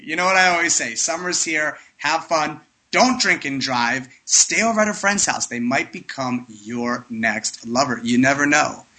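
A man's voice: a little high, bright, forceful tone, rough recording. A man hosting a radio talk show, chatting casually and effusively as he thanks guests, plugs sponsors and gives his listeners earnest advice. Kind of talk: casual radio talk, sign-off and shout-outs.

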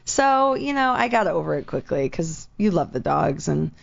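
A woman co-hosting a radio show in casual chat, hoarse and raspy today, talking freely with lots of "like". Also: deep voice, big pitch swings, lo-fi sound. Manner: chatty, lots of "like", quick asides.

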